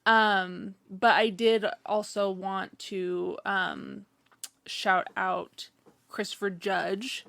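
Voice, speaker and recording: A woman's voice: medium pitch, little pitch movement, drawn-out words, gravelly, sharp tone, no echo. A woman co-hosting a casual podcast chat, rambling with lots of fillers and restarts. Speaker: podcast co-host.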